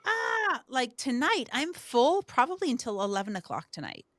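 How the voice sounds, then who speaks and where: A woman hosting a podcast, telling personal stories in an animated, emotional way with frequent restarts. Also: on the high side, brisk, dry recording. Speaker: podcast host. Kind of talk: casual conversational interview.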